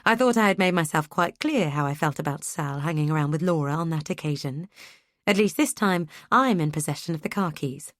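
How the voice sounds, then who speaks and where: A woman's voice: low-pitched, expressive, fairly quick, dry recording, studio quality. Woman narrating an audiobook. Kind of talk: first-person audiobook narration.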